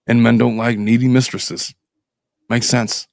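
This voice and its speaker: A middle-aged man with a medium-pitched voice reads a listener's marriage story aloud and breaks in with dry, swearing commentary. The recording is close and dry. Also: flat delivery, unhurried, vocal fry, a little mellow, dry recording. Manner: sardonic, profane, reads listener letters aloud. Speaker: podcast host, divorce attorney. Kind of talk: casual podcast chat.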